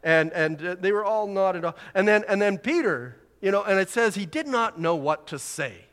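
Conversational preacher in a reverberant hall. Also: male voice, sits high, expressive, normal speed, fairly bright tone. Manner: conversational, rising to emphatic exhortation. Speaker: pastor. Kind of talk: sermon.

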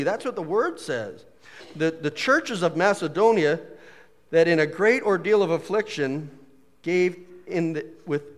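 A man preaching a casual, jokey sermon as a pastor, full of folksy asides and quick humor. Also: high-pitched, in a large hall. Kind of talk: conversational sermon.

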